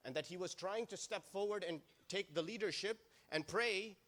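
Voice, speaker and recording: A man preaching a sermon in a mosque, impassioned, swinging between raised and hushed delivery. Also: high voice, moderate pace.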